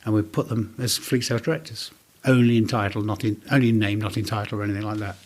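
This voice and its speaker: A businessman in his forties tells his stories with animated energy. He slips into the voices of the people he quotes, keeping an easy, conversational tone throughout the interview. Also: on the low side, fast. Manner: animated anecdotes, acts out quoted dialogue. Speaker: business owner guest. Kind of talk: casual storytelling interview.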